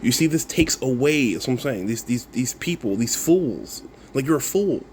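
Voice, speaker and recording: A man's voice: medium pitch, animated, moderate pace, darkish tone, a little hiss or hum. A content creator, a man, replying to viewer comments in a casual rant, mocking and swearing, breaking into laughs and repeating himself.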